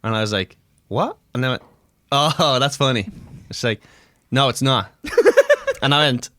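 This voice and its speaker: A man's voice: mid-range voice, wildly swooping pitch, bright, forceful tone, no echo, clean studio sound. A young man on a podcast as a guest, riffing with crude jokes in casual chat. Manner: crude, joking, quick to riff.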